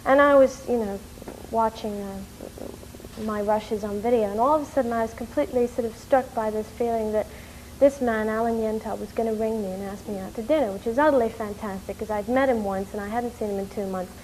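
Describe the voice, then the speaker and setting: A woman from New York telling a story in an interview, animated and rushing, with many fillers. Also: fairly high pitch, a little hiss or hum, rough recording. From New York, USA. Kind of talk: casual storytelling.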